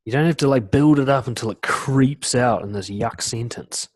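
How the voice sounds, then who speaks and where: A man coaching in a casual webinar talk, full of "you know" and "like", acting out quoted lines in lively voices. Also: medium pitch, a little fast, hardly any pauses, no echo. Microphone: computer mic on a video call.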